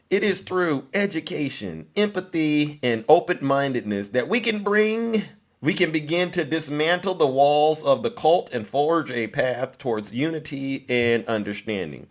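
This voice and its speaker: A man hosting a live stream of political commentary. He reads a prepared text in a mock-solemn tone and breaks it up with sarcastic, teasing asides to his viewers. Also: medium pitch.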